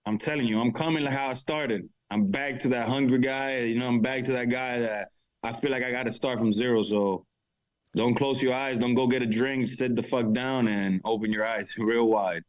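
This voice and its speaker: A man's voice: mid-range voice, fairly even intonation, moderate pace, low-quality recording. Brash confident fighter guy on a podcast, mid voice, lots of slang. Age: adult father of four. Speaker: fighter guest. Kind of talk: casual interview chat.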